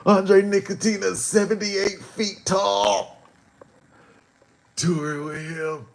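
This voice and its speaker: Slow-talking man rambling on a livestream. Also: gravelly. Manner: slow, drawn-out delivery with sudden animated jumps in pitch. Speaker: rapper hosting a livestream show. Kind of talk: rambling livestream talk to chat.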